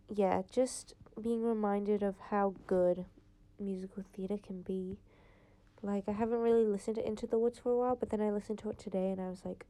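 A woman's voice: mid-range voice, dark tone. A teenage girl, hosting her own podcast in a rambling, casual chat full of fillers. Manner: rambling, chatty, lots of "like" fillers. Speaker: podcast host. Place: home, late at night.

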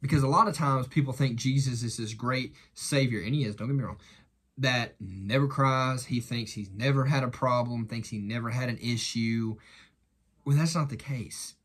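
A man preaching an earnest devotional in a husky, slightly breathy voice at a middling pitch. He builds his points through long runs of repeated phrases. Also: normal speed, fairly bright tone. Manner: earnest, repetitive preaching cadence. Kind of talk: devotional talk.

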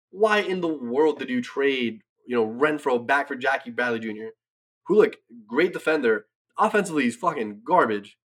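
A man's voice: mid-range voice, a bit bright, husky. A man co-hosting a sports podcast in casual chat, ranting brashly with lots of swearing and frequent "right?" asides. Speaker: podcast co-host. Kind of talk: profane casual sports talk.

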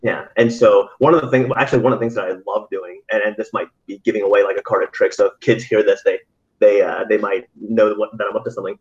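A man's voice: lowish voice, fairly even intonation, quick pace. Rambling male teacher telling stories. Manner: rambling storyteller with frequent restarts and laughs. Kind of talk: casual podcast conversation. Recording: slightly dull, lo-fi audio.

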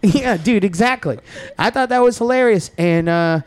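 A man's voice: high-pitched, normal speed, smooth, no echo. A man guest on a podcast, telling a long story in a profane, rambling way and laughing as he goes.

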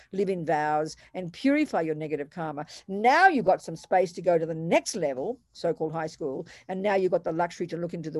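A woman's voice: lowish voice, darkish tone, no echo, studio quality. A woman teaching Buddhist practice in a Q&A over an online call, taking questions and acting out examples with quoted voices.

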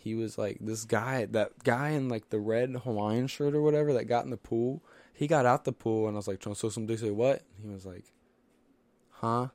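A man's voice: mid-range voice, normal speed, darkish tone, dry recording. A young man in casual podcast chat, rambling through party stories with lots of "dude" and "like.". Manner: rambling storyteller, full of "dude" and "like", laughs often. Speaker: podcast host.

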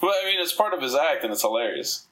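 Bright-voiced man, rambling and profane. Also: medium pitch, sing-song, fast, low-quality recording. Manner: rambling, profane, laughs while telling stories. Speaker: comedian guest. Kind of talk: casual podcast chat.

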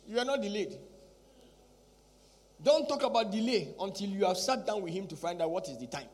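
A man with a high voice preaches a sermon, and his words ring out with a long echo, as if from a large hall. He repeats his lines for weight and keeps firing rhetorical questions at the congregation. His delivery stays emphatic and insistent. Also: expressive, brisk, darkish tone. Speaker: pastor.

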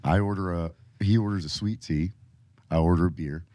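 Deep voiced guy on a podcast telling a story, dry close sound, keeps doing the voices of people he's quoting. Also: moderate pace, dry recording. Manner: animated, acts out quoted voices. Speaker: podcast guest, Marine Corps veteran. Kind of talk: casual storytelling.

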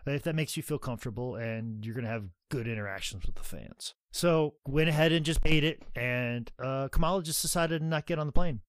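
A man's voice: medium pitch, a little fast, hardly any pauses, clear, resonant tone, no echo. Profane, rambling man telling stories. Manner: profane, rambling anecdotes with many "like"s; acts out others' voices while telling stories. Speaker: podcast co-host. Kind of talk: casual storytelling chat.

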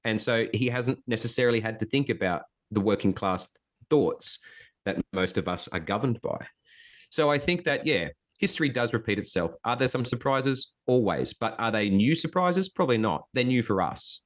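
A man's voice: medium pitch, expressive, moderate pace. A man in casual conversation, telling history anecdotes with wry humor and chatty asides. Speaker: podcast guest.

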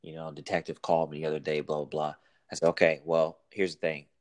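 Very deep-voiced man, dry sound. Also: level tone, no room sound. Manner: halting, reflective, with restarts. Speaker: police officer guest. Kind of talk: casual chat.

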